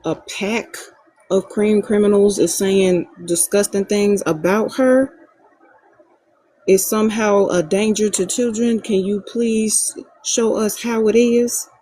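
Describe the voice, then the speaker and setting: Slow, husky woman demanding answers. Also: mid-range voice, steady tone, mellow, no echo, poor audio. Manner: pointed, demanding questions. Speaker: participant in a live-stream group chat. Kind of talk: live-stream argument.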